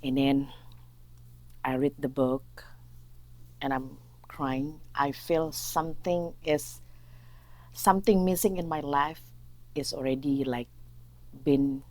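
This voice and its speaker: A woman with an Indonesian accent, a non-native English speaker, telling her faith testimony in a halting way and acting out her past speech. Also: rumbling low, fairly even intonation, a little mellow. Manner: halting, searching for words, acts out her own past speech. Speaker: guest sharing testimony.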